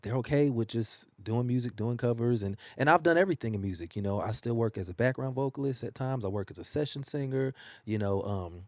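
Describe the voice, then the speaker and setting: A man's voice: mid-range voice, brisk, few pauses, no room sound, studio quality. A man, a working singer, talking about his career in a casual interview and telling stories with frequent laughter. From United States. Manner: animated storytelling, laughs often. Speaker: singer and guest. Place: newspaper studio.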